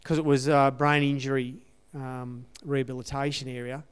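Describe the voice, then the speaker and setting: A man's voice: medium pitch, level tone, moderate pace, smooth. A man giving a conversational sermon testimony in an earnest way, repeating his key phrases. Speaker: church speaker sharing testimony.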